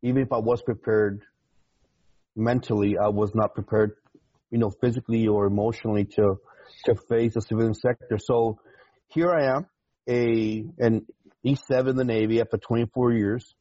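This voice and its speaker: A man in his forties, a retired navy chief, telling his story in an interview with emotion, halting and repeating words. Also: lowish voice, fairly even intonation, warm tone, dry recording, dull audio.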